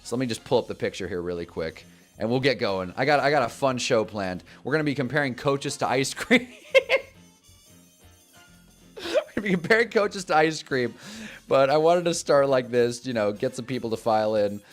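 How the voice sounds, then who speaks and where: Animated young man telling a story. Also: medium pitch, fairly quick, faint music behind. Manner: animated, chatty, laughs at his own stories. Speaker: host of a football talk live stream. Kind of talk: casual live-stream storytelling.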